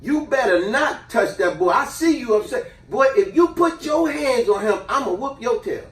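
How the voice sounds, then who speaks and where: A man's voice: very high-pitched, expressive, normal speed, voice pushed up. A man voicing a stern middle-aged aunt who scolds and threatens a child. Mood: scolding. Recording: roomy echo, distant mic.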